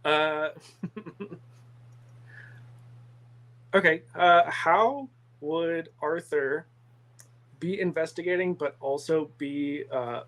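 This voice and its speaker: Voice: mid-range voice, extremely slow, long pauses, a bit bright, rough recording. A game master with a male-range voice, running a tabletop game, laughing often and explaining rules with many fillers.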